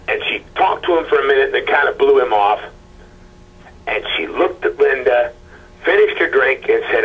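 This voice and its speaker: A man recounting a painful personal story in a halting, stammering way, acting out the people he quotes. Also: mid-range voice, slightly rough, narrow, tinny audio. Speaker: husband of a missing woman, interview guest. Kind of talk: emotional personal account.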